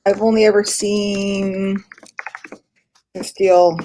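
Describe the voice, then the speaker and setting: A woman's voice: mid-range voice, little pitch movement, slow pace, warm tone, slight background noise. A woman hosting a casual live stream, chatty and giggly, talking as she works on screen. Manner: chatty, giggly, self-deprecating. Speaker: host. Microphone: computer mic, screen sharing.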